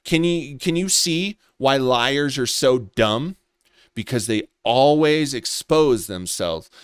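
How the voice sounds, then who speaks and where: A man's voice: mid-range voice, lively intonation, takes it slowly, clear, resonant tone, no room sound, studio quality. A man delivering a contemptuous, accusatory commentary rant, swearing as he goes. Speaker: commentary vlogger. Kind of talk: ranting commentary.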